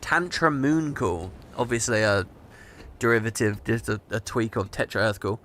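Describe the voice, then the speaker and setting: A man's voice: on the low side, normal speed, a little hiss or hum. A man hosting a gaming video, chatting casually and reading game text aloud with amused, mock-dramatic commentary. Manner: animated, chuckling, mock-dramatic.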